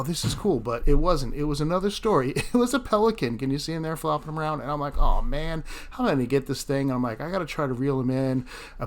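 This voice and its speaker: A man narrating his fishing vlog in a casual, chatty way, often laughing at himself. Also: mid-range voice. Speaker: fishing vlogger.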